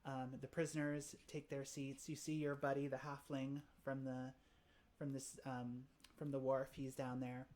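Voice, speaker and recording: A woman narrating a tabletop game as game master, often pausing and restarting. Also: a bass voice, flat delivery, a little mellow. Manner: hesitant, many fillers and restarts.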